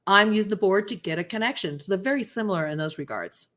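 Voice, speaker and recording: A woman guest on a talk show who tells stories in a casual, animated way and acts out the voices of people she quotes. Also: medium pitch, fast talker. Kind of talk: casual interview storytelling.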